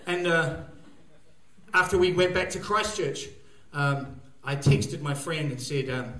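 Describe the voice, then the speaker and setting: Slightly high and a bit bright, his voice runs a little slow. He's a comedian on stage at a comedy gig, delivering a crude, meandering set and chuckling at his own jokes while the live audience listens, all captured with echoey venue acoustics.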